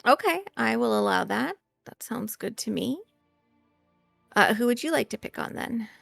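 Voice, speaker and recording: A woman running a tabletop game on stream as game master, chatty and quick to laugh. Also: on the high side, expressive, vocal fry, a bit bright, no room sound, soft background music.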